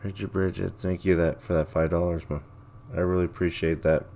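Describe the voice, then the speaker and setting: A man's voice: low-pitched, level tone, fairly quick, vocal fry, warm tone. A man hosting a livestream, chatting casually in a rambling, laid-back way and reacting to viewer comments. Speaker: livestream host.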